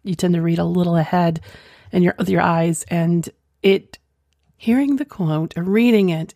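A woman's voice: fairly low pitch, unhurried, mellow, no echo, clean studio sound. A woman hosting, reading listener stories and commenting on them in an affirming, rambling way. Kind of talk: casual commentary.

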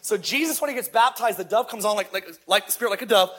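A middle-aged man, a lead pastor, preaching a sermon in a lively, conversational way with repeated phrases. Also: high voice, quick pace, husky.

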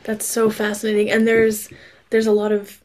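A woman's voice: mid-range voice, monotone, moderate pace, darkish tone. A woman hosting an interview, reacting with interest and asking casual follow-up questions. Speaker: interview host.

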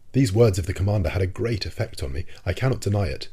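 A man narrating a classic novel in a calm, even storytelling manner. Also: low-pitched, fast talker, few pauses, slightly rough. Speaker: audiobook narrator. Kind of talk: scripted narration.

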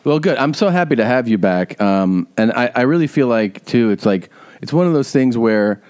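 A man's voice: mid-range voice, expressive, moderate pace, a little mellow, clear, resonant tone. A man hosting a podcast, telling loose, rambling stories with casual swearing. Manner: loose, rambling, profane storytelling. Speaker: podcast host.

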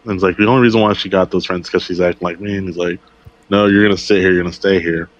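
A man's voice: sits low, fairly even intonation, very fast, dry recording. A man casually retelling a TV episode on a podcast, rambling along and quoting characters' lines. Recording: dull lo-fi recording.

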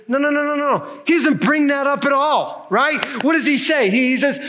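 A man preaching a sermon, animated and emphatic, checking in with his listeners often. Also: extremely high pitch, moderate pace, few pauses. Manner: animated, emphatic preaching with frequent "right?" tags. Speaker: pastor.

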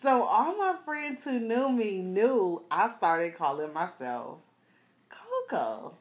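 A woman in her thirties from South Florida tells a personal story to her viewers at an unhurried pace. She laughs often and talks in a loose, slangy, animated way, speaking right to the camera. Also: mid-range voice.

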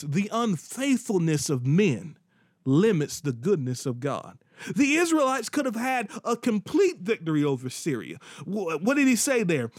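An earnest male preacher delivering a sermon, his voice sitting a little high for a man. He doubles back on words and restarts phrases as he drives his points home. The recording is dry and close, with little room sound. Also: no echo.

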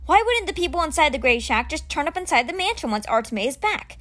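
A woman's voice: sits high, very animated, quick pace, a bit bright, voice pushed up. A woman reading a storybook aloud, voicing an earnest, anxious young male leader. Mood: urgent.

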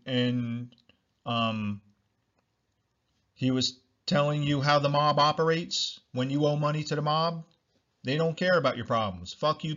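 A man's voice: medium pitch, a bit bright, highs cut off. A man hosting a solo podcast, talking bluntly, repeating himself and swearing freely. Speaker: podcast host.

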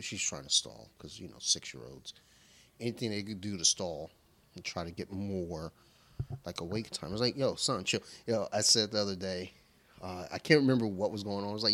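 A low male voice with a bright quality and moderate pace banters easily on a podcast he co-hosts, casually chatting over beer. He's laid-back, swears freely and quotes his daughter in voices.

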